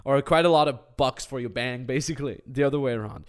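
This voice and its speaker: A man's voice: medium pitch, quick pace, clear, resonant tone. A man hosting a casual podcast as a business coach, telling stories animatedly and acting out what other people said. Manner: animated storytelling with acted quotes.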